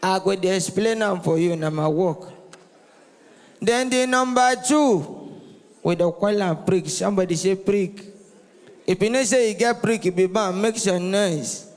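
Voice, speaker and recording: A man's voice: high-pitched, fairly even intonation, normal speed, darkish tone, long reverb tail. A Nigerian man doing a rowdy stand-up comedy set, teasing the crowd and calling for responses. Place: live comedy venue.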